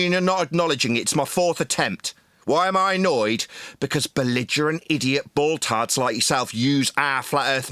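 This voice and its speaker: A man yelling and hurling insults at someone in a heated online voice-chat debate. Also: on the high side, dry recording, studio quality. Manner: shouting, insulting, domineering. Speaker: debate stream host.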